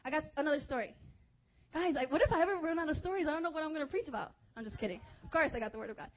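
A young woman preaching a sermon, telling a personal story in a lively, chatty way with lots of "like"s. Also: sits high, racing. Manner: lively, chatty, many filler "like"s. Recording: dull lo-fi recording.

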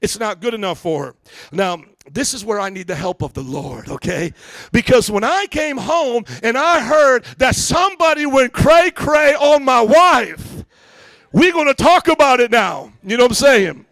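A pastor in his thirties preaching a sermon, telling a story in casual slang and acting out the voices with loud outbursts. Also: very high voice, normal speed, gravelly, dry recording. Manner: animated, acts out quotes with shouts; casual slangy church talk.

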